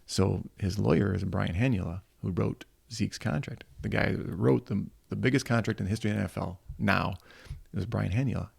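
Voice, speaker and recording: A man's voice: fairly low pitch, brisk, gravelly, few pauses, slightly rough, no echo. A middle-aged man from Michigan, a football coach, telling stories in a casual interview and acting out the people he quotes. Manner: animated anecdotes, acting out quoted voices. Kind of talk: casual storytelling.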